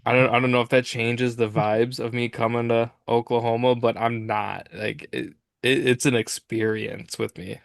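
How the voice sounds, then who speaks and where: A podcast host from Minnesota, a man of middle pitch who spins casual anecdotes with lively energy. He slips into quick impressions of his friends as he talks. The sound is close and dry, with no room around it. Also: vocal fry, no echo. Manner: animated storyteller who acts out quoted friends. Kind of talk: casual chat.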